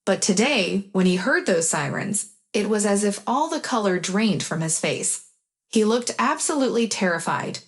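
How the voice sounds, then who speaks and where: A woman narrating a first-person story in a plain, even manner. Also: medium pitch, moderate pace.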